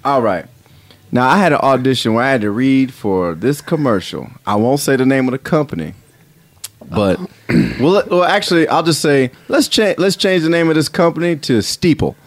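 A man co-hosting a casual comedy podcast chat, animated and joking, sometimes tripping over words. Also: medium pitch, moderate pace, no echo. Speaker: podcast co-host, aspiring actor.

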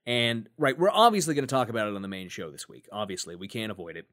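A man's voice: lowish voice, fast talker, fairly bright tone. A man co-hosting a podcast in a casual, joking chat, thinking aloud with fillers as he goes. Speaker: podcast co-host.

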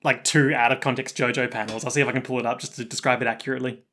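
A man's voice: medium pitch, fairly even intonation, rapid-fire, sharp tone. A young man co-hosting a casual podcast, animatedly recapping an anime and acting out the characters' lines. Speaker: podcast co-host.

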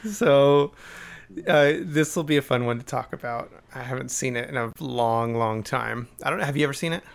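A man's voice: medium pitch, moderate pace, creaky. A man co-hosting a podcast in casual chat, teasing dryly and restarting his sentences. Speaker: podcast co-host.

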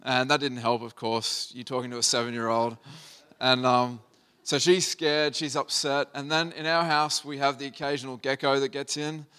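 Smooth-voiced man preaching a story. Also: medium pitch, level tone, normal speed, sharp tone. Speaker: pastor. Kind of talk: sermon with a personal story.

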